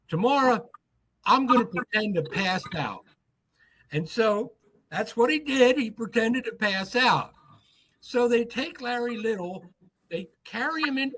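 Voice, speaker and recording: A man with a notably high speaking voice spins a story as a podcast guest. He tells it with energy and voices the people in it as he goes. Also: a little hiss or hum, poor audio. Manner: animated anecdote teller, acts out quoted lines. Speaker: author guest.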